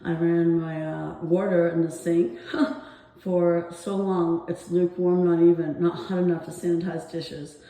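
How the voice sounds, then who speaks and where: Breathless, anxious woman vlogging on her phone; mellow tone, roomy echo. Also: on the low side, little pitch movement, measured pace. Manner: rambling, anxious, with nervous laughs. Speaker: vlogger filming her apartment complaints. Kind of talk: casual walking vlog.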